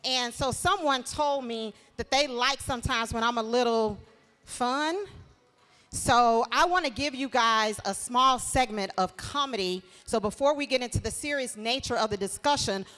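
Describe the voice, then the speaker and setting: A woman's voice: a little high, animated, unhurried. A woman from Shreveport hosting a live event, sharing her testimony and rallying the crowd. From Shreveport, Louisiana. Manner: warm preachy testimony, rallies the crowd. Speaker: show host. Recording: long hall reverb.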